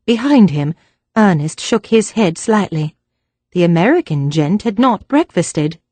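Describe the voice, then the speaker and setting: A woman narrating a mystery audiobook in an even, measured reading. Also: lowish voice, no room sound. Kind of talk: scripted narration.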